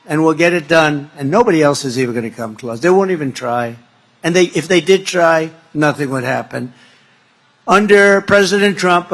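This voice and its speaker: A man giving a campaign speech at a rally, rambling and repeating himself, building to loud emphatic declarations. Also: on the high side. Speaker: political speaker at a rally.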